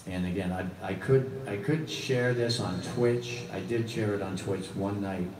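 A man's voice: fairly low pitch, unhurried, darkish tone. A middle-aged man with a Boston accent, hosting a casual live music stream in a rambling, joking way. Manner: rambling, joking, loose and chatty. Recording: echoey room, distant mic, faint noise.

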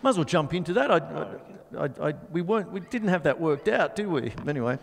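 A man's voice: on the high side, lively intonation, brisk, gravelly, in a large hall, over loud music. A middle-aged man hosting a live drum show, chatting in a rambling way and scatting drum rhythms. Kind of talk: casual live-stream chat and drum demonstration.

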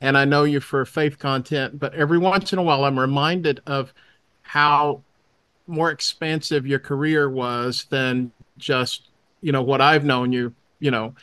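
A man's voice: mid-range voice, steady tone, a little slow, a bit bright, clear, resonant tone, no room sound. A man interviewing a guest in a casual, hesitant way, often stammering as he starts. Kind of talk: interview conversation.

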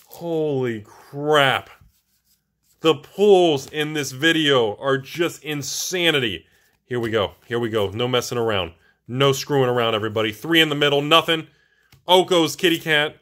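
A man hosting his own channel, opening booster packs and reacting with excited exclamations. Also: medium pitch. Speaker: host of a card-collecting channel. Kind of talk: casual booster box opening.

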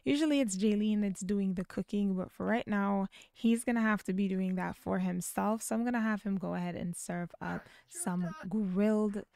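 A woman's voice: mid-range voice, normal speed, creaky, hardly any pauses, dark tone, dry recording, clean studio sound. A young woman in casual game commentary, narrating a story-driven life-sim playthrough and chatting to viewers. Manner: chatty, addresses viewers as you guys. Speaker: let's play narrator.

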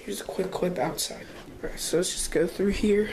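A woman vlogging at home on a handheld camera, excited and rambling with lots of filler words. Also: lowish voice, normal speed, background noise. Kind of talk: casual vlog. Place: indoors at home.

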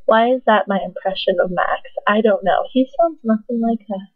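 A woman's voice: mid-range voice, normal speed, no echo. A young woman vlogging casually at home into a webcam, rambling with lots of fillers and giggly asides. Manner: chatty, filler-heavy, giggly and self-mocking. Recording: dry, tinny phone-like sound.

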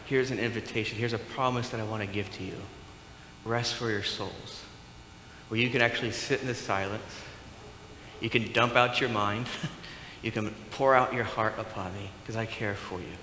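A man's voice: mid-range voice, pushed and bright, roomy sound, long reverb tail, a little hiss or hum, low-quality recording. A man preaching a sermon as pastor, talking conversationally and asking the congregation questions. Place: church sanctuary.

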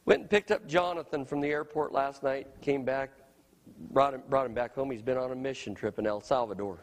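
Briskly, a middle-aged male pastor drives home his sermon amid big-room acoustics, asking "you know what?" again and again. He moves between booming high phrases and quiet low ones.

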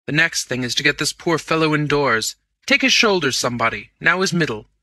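A man voicing a brisk aristocratic lord who gives clipped, commanding orders. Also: fairly high pitch, lively intonation, sharp tone, dry recording, clean studio sound.

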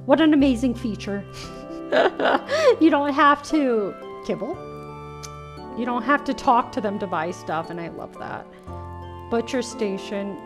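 A woman casually commenting on a cozy game, chatty and giggly. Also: on the high side. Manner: giggly, chatty, animated reactions. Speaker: gaming streamer. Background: game music.

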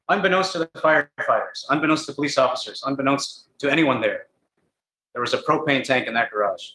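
A man preaching a gospel sermon in a tent meeting, telling a story dramatically with sudden swings from loud to hushed. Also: mid-range voice, a little fast, roomy sound, rough recording.

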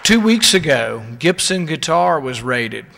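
A man's voice: a little high, big pitch swings, unhurried, gravelly, crowd noise, background noise. A man, a politician, giving a political speech at a conference, full of indignant rhetorical questions to the audience. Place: conference hall. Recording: long reverb of a large hall.

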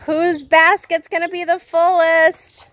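Woman, high bright voice, cheerful and coaxing, outdoor family video. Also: flat delivery, slow pace. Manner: cheerful, coaxing, keeps warning about her plants. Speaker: parent filming kids' egg hunt. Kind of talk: casual family vlog chat. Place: outdoors in a yard.

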